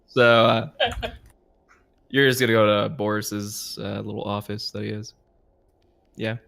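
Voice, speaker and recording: Low, gravelly-voiced man running a tabletop game. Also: level tone, unhurried, fairly bright tone, no echo. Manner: casual, hesitant, filler-heavy. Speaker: game master.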